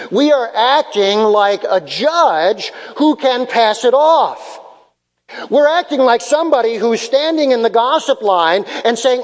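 A man preaching from the pulpit in a high, unhurried voice, letting each phrase land before moving on. He repeats key lines for weight and acts out small exchanges to illustrate. The sound carries a long reverb from a large sanctuary. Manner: preaching with repeated emphatic phrases and acted-out dialogue. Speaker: pastor. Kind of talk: sermon.

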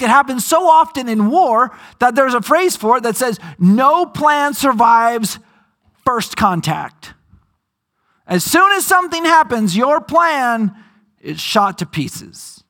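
A pastor preaching a sermon in a conversational way, slowing down for dramatic emphasis and sometimes bursting out loudly. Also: male voice, extremely high pitch.

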